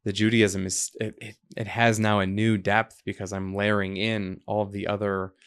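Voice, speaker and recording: A man from the United States speaks as a podcast guest, with a low, gravelly voice. He talks reflectively and drifts into stories. He animates the people he quotes. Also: flat delivery, normal speed, a bit bright. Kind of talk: conversational interview.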